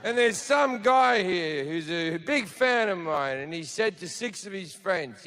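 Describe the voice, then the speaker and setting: Crude sardonic Australian comedian. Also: male voice, high voice, lively intonation, a little slow, sharp tone. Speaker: stand-up comedian. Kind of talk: stand-up comedy set. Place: theater stage before a live audience.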